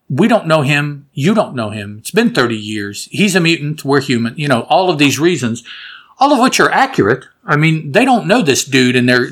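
Male comic reviewer, mid-pitched, loose and chatty, amused, corrects himself as he goes. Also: a bit bright. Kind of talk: casual spoken review and plot recap.

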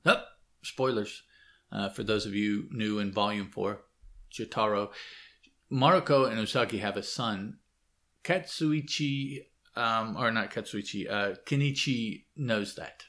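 A man's voice: fairly low pitch, measured pace, sharp tone. A man reading a comic book aloud and commenting on it casually, hesitant, with frequent fillers and self-corrections.

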